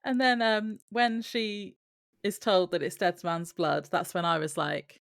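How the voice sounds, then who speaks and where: A woman's voice: lowish voice, steady tone, unhurried, gravelly, no echo, clean studio sound. A woman co-hosting a podcast, chatting about a TV episode and giggling often between remarks. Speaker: podcast co-host. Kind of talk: casual chat recapping a TV episode.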